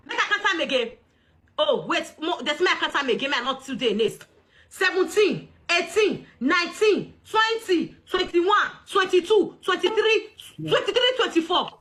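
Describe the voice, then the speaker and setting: Loud high-voiced Nigerian Pidgin woman. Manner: loud, mocking, often laughing and shouting. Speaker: livestream host. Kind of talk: casual livestream chat.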